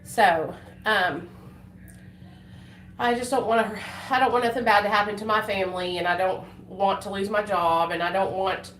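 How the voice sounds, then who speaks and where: A woman's voice: medium pitch, steady tone, moderate pace, a bit bright. Give me a woman chatting emotionally on a livestream, in an echoey room with faint background noise. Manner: rambling, emotional, many fillers and restarts. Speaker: livestreaming vlogger. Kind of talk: casual live-stream chat.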